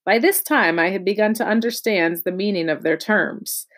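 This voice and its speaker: A woman narrating a classic adventure novel in a measured, even reading voice. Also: medium pitch. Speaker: audiobook reader. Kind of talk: storybook narration.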